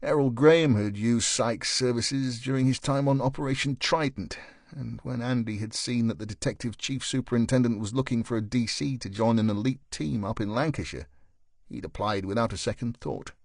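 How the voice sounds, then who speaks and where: Man reading a thriller audiobook, mid pitch, steady and even, dry close mic. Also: normal speed, no room sound. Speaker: audiobook narrator. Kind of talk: scripted narration.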